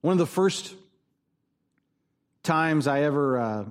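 Higher-voiced male pastor preaching conversationally. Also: lively intonation, slow pace. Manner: conversational, emphatic, repeats key points. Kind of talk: sermon.

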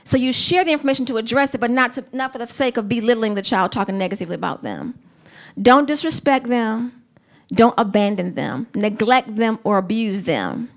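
A woman preaches a sermon to a congregation in a slightly high, animated voice. She is earnest and emphatic, with slow, deliberate phrasing.

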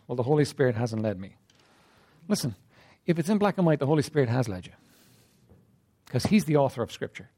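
Male pastor, conversational sermon, high and highly animated delivery, keeps clearing his throat. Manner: conversational preaching with frequent "right?" and "you know what?".

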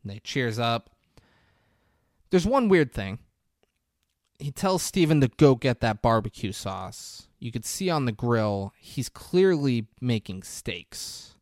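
A man hosts a casual comedy podcast where he recaps a movie scene by scene, jumping into voices for the characters and joking in a blunt, profane way. His mid-range voice moves slowly, and the sound is studio quality with no room sound.

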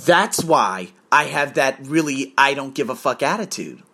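A man's voice: mid-range voice, animated, normal speed, bright, forceful tone. A man telling a blunt, profane personal story in a confessional monologue.

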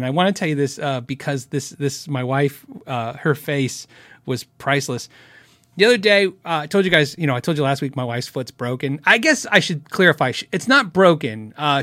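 A man's voice: fairly high pitch, fairly bright tone, no room sound, clean studio sound. A middle-aged man hosting a casual live show, chatting and giggling as he rambles through stories and viewer questions. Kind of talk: casual live-stream chat.

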